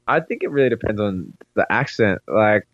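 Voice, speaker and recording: A man's voice: fairly low pitch, normal speed, dry recording, lo-fi sound. A young man in his twenties, a musician guest, chatting easily and saying "like" a lot. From Australia. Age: 20s. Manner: relaxed, lots of "like", easygoing. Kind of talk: casual interview chat.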